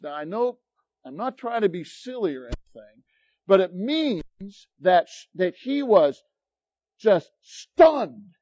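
A man preaching a sermon as pastor, telling stories in an animated, emphatic way. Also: sits high, no echo. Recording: dull lo-fi recording, dry.

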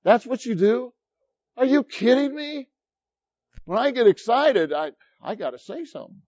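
A man preaching a sermon as pastor, telling stories in an animated, emphatic way. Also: very high voice, moderate pace, dry recording. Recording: dull lo-fi recording, dry.

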